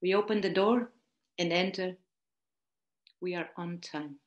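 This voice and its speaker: Slow, heartfelt woman. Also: fairly low pitch, highs cut off. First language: German. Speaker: storyteller. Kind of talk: reading a personal story aloud. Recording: roomy echo.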